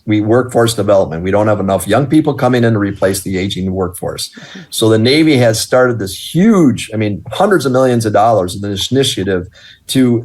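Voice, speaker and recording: A middle-aged man from the American Midwest, a business owner telling his story in an interview and acting out the dialogue as he goes. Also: fairly low pitch. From Wisconsin. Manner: animated, acts out quoted dialogue. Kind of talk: storytelling in conversation.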